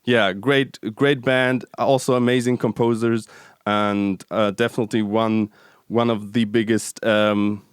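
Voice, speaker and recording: Podcast host, man, smooth clear voice, close dry mic, halting and keen. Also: on the low side, level tone, dry recording. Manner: hesitant, many fillers, enthusiastic. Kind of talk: casual interview hosting.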